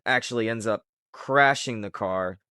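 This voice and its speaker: A man's voice: fairly low pitch, a little slow, sharp tone, smooth, no room sound, studio quality. A man casually retelling a comic book's plot in a loose, rambling way full of fillers. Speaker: comic recap host. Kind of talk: casual comic book recap.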